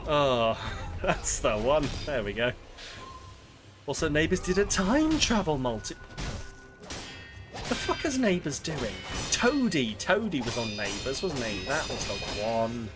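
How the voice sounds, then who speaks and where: A man's voice: medium pitch, sing-song, a little slow, long pauses. A man chatting casually with viewers while streaming a game, rambling and swearing freely. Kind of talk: casual live-stream chat while gaming. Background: game music.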